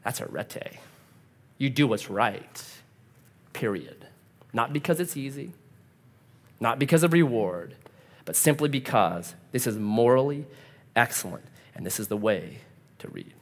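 A man's voice: medium pitch, measured pace, long pauses, in a large hall. A man preaching a sermon as a pastor, telling stories vividly and acting out the voices in them. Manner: animated storytelling, acts out quoted voices.

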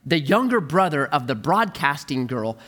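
A middle-aged male pastor preaching a sermon, telling a humorous story in an animated way. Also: a little high, normal speed.

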